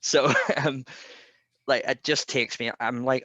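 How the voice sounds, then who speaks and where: A man hosting a podcast in casual wrestling chat, talkative and quick to laugh. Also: mid-range voice, bright, forceful tone, dry recording. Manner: chatty, laughs often, quick asides. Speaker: podcast host.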